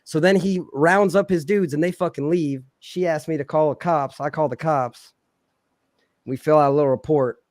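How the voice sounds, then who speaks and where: A man's voice: fairly high pitch, normal speed, no room sound, studio quality. A man telling a long, profane story on a casual podcast, acting out the people he quotes. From Philadelphia. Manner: profane, animated, acts out quoted voices loudly.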